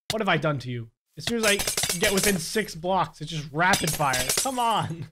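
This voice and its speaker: A young man giving excitable gameplay commentary, laughing often and yelling at the mobs. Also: sits high, moderate pace, hardly any pauses, over loud music. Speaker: gaming YouTuber.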